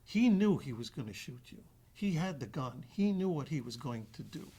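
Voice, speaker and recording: A man telling a story in a casual podcast chat, animated and often restarting his sentences. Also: on the high side, moderate pace, breathy edge. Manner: animated, acts out quoted voices, trails off and restarts.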